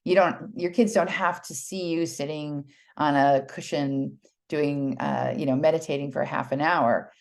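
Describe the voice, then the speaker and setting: Middle-aged American woman presenter with a low voice, chatty and earnest, lots of ums and restarts. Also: steady tone, measured pace, vocal fry, a little mellow. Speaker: presenter, children's mindfulness teacher. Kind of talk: casual public talk.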